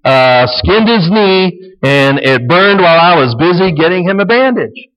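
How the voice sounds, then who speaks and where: A man's voice: high-pitched, lively intonation, unhurried, fairly bright tone, pitched above the performer's own voice. A man voicing an exasperated wife in a family squabble, speaking in a raised, pleading and snappish voice. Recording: dull lo-fi sound with long hall reverb.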